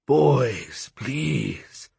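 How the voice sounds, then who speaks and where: A man voicing a smug, menacing male god of death, talking in a silky, mocking, pompous way, lower and softer than his reading voice. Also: expressive, extremely slow, creaky, breathy edge, no room sound, full character voice.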